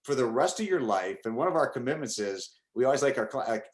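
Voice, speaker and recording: A man's voice: mid-range voice, animated, quick pace. A man hosting an interview as a coach, talking sincerely and emphatically with a client. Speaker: coach and program host. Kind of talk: casual interview. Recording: echoey room.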